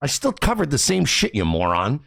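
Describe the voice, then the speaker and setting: A man's voice: medium pitch, wildly swooping pitch, normal speed, gravelly, fairly bright tone. A male streamer host giving profane, ranting livestream commentary full of contempt.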